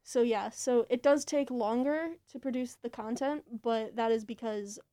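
A young woman with a mellow, warm voice chats in a casual panel. She talks quickly and loosely, saying "like" again and again. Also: fairly high pitch, fairly even intonation. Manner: chatty, heavy use of "like".

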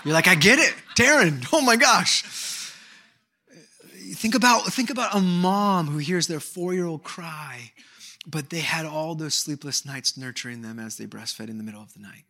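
A man in his thirties preaching a sermon as a pastor, telling animated stories and moving between hushed and emphatic delivery. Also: on the high side, moderate pace. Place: church service.

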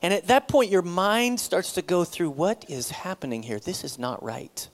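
A middle-aged man, a pastor, telling a personal story in a sermon, acting out the dialogue with sudden loud bursts. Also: high voice, moderate pace.

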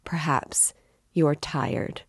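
A woman voicing a composed young sister who speaks gently and with restraint. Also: sits low, measured pace, no room sound, clean studio sound. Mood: gentle.

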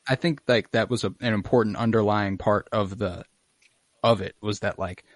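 A young man with a lowish voice recaps a show in a loose podcast chat. He slips into exaggerated character voices and curses casually. The sound is dry and close, with no room echo. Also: fairly even intonation, normal speed. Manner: acts out lines in exaggerated voices, swears casually. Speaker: podcast co-host recapping an episode. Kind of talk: casual chat, animated retelling.

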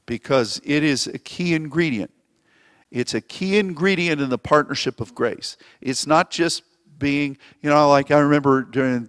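A man's voice: medium pitch, dry recording, clean studio sound, big-room sound. A man preaching a sermon as pastor, rambling and anecdotal, often restarting his phrases. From Springfield, Missouri.

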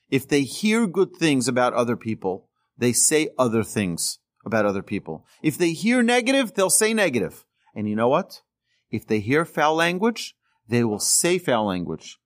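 Animated man teaching as a rabbi. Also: medium pitch. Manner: animated, emphatic, voice jumps up on key words; repeats and restarts phrases as he speaks. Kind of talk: teaching talk on speech and ethics.

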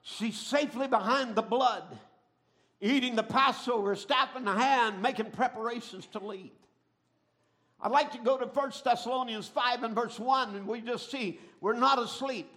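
Bright high-voiced preacher man. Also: normal speed. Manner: dramatic storytelling, swings from hushed to shouting. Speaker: pastor. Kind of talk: sermon.

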